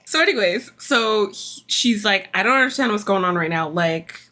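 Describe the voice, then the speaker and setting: A woman's voice: medium pitch, animated, moderate pace, pushed and bright. A woman hosting a casual reaction video, recapping a reality show in a chatty, exasperated way with lots of fillers.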